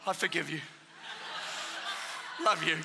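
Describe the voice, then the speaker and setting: A man in his thirties preaching and telling his testimony, excitable and bursting into shouts for emphasis. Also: a little high, takes it slowly, creaky, noisy background. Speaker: guest preacher giving testimony. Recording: reverberant hall with live audience.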